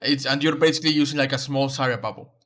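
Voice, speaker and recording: A man with a mid-range, slightly bright voice talks quickly with fairly even intonation. As a game coach reviewing a match replay, he explains tactics to a player and repeats key advice over the gameplay.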